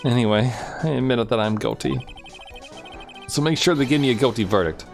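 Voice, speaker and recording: A man's voice: mid-range voice, fairly quick, creaky, faint music behind, voice pushed up, close to an everyday voice. A man voicing a timid, jittery young man who keeps pleading and stammering. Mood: whiny pleading.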